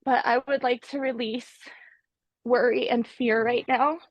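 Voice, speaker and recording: A woman taking part in a video-call ritual, emotional and close to tears, sharing in a halting, heartfelt way. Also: fairly high pitch, steady tone, dry recording, highs cut off. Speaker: ceremony participant.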